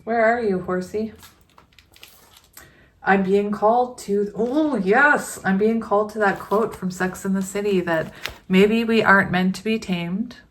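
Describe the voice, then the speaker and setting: A woman reading tarot cards to her viewers in a relaxed, chatty way. She speaks slowly, lingering over her words, and often breaks into small giggles. Her voice sits at an ordinary middle pitch. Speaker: tarot reader. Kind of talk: casual tarot reading to camera.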